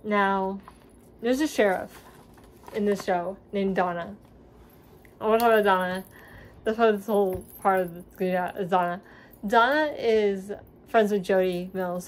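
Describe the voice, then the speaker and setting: A young woman vlogs from home with her dog nearby, rambling through a TV series review with plenty of ums and likes. She moved from Seattle at five and grew up in the US South. Her medium-pitched voice is steady at a normal speed, with a slight hiss or hum.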